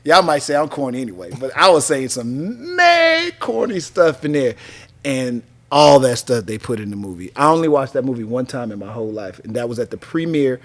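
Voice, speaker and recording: A man's voice: medium pitch, a little fast. A man in his fifties from North Carolina, a radio DJ telling stories in a casual interview with laughs and easygoing slang. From North Carolina, USA. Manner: animated, laughing storyteller using casual slang.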